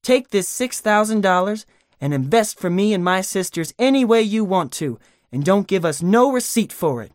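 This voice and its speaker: A proud young woman answers with firm dignity, as a male reader voices her. The voice is pitched up above his usual tone. It is recorded dry, with no room echo. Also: expressive, moderate pace. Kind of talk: audiobook character voice.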